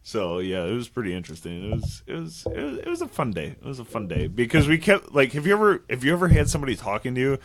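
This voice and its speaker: A man's voice: mid-range voice, huge pitch swings, fast, few pauses. A man co-hosting a podcast, telling a rambling story in casual chat and swearing a lot. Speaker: podcast co-host.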